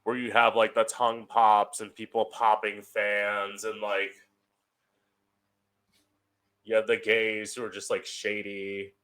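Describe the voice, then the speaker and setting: A man's voice: on the low side, completely flat delivery, takes it slowly, pauses often, fairly bright tone. A young man hosting his own podcast from home, talking casually in a chatty, sardonic way and swearing freely. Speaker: podcast host. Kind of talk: casual solo podcast monologue.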